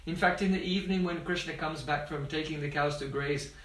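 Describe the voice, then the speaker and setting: A man giving a devotional talk as a spiritual teacher, telling stories and often pausing to check that his listeners follow. His voice sits fairly high for a man. The sound is roomy, and he is heard from some distance off the mic. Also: steady tone, a bit bright. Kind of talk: devotional discourse.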